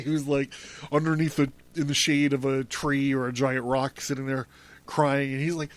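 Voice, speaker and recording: A man's voice: mid-range voice, little pitch movement, brisk. A man hosting a podcast, reading a book aloud in the first person and breaking off with amused, chuckling asides. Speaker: podcast host.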